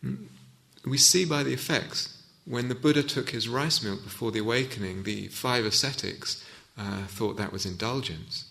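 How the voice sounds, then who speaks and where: A man's voice: mid-range voice, moderate pace, creaky, pushed and bright. A man giving a reflective Dharma talk as a meditation teacher in a hall, often restarting and searching for words.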